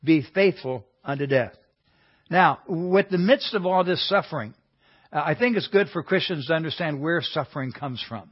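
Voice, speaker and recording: An earnest man leads a Bible class, talking through the lesson in a conversational way. His voice sits a little higher than most men's, and he often stumbles over repeated words before going on. The recording is dull and lo-fi, with little clarity in the highs. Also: animated, moderate pace, breathy edge. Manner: earnest, conversational teaching with frequent restarts.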